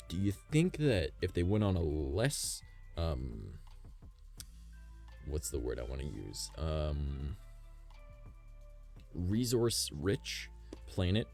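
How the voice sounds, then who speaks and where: A livestreamer chats loosely with his viewers from home, rambling through wild, speculative theories and swearing freely. His voice sits low, creaky and darkish.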